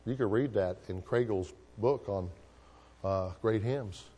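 A man's voice: fairly low pitch, a little slow, a little mellow, breathy edge, big-room sound. A male pastor preaching a sermon, drawing answers from the congregation with call-and-response questions.

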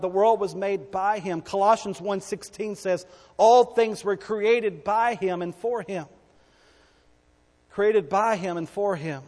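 High-pitched guy preaching in church, big echoey hall, loud then quiet, keeps asking "what?". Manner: emphatic preaching, call-and-response questions, swings from loud to hushed. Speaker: pastor. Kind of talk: sermon. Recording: long hall reverb.

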